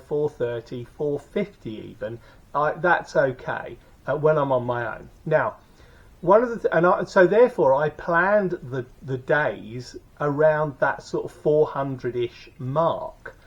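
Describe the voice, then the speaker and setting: A man's voice: fairly high pitch, expressive, unhurried, slightly rough. A man recounting a motorcycle tour in a casual, rambling way, full of fillers and restarts. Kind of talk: casual spoken recap. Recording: dull lo-fi recording.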